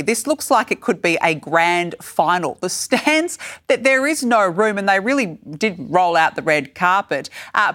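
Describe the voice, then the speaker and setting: Persistent woman hosting a chat. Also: mid-range voice. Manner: persistent, argumentative, animated. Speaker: host. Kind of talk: casual panel chat.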